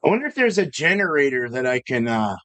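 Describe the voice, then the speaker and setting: A man's voice: mid-range voice, very animated, fast, fairly bright tone. A man hosting a live home-brewing stream, chatting casually with a rambling, profane manner and frequent laughs. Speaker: homebrewing live-stream host. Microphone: streaming setup.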